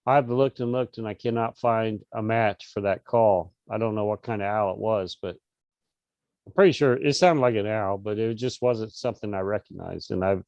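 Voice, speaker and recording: A man's voice: fairly low pitch, moderate pace, darkish tone, no echo, dull audio. A middle-aged man, an interview guest, telling a casual story over a video call with lots of restarts and fillers. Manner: rambling, many restarts and fillers.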